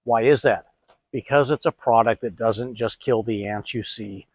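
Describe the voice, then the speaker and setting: A man's voice: medium pitch, moderate pace, husky, no room sound. A middle-aged man hosting a DIY product tutorial, chatty, asking and answering his own questions. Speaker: host.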